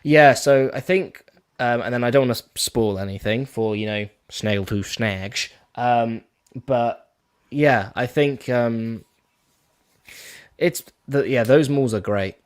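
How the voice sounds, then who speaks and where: A man's voice: medium pitch, slow pace, smooth. A young man, a guest on a live stream, chatting casually and rambling with many fillers. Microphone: headset or desk mic on a video call.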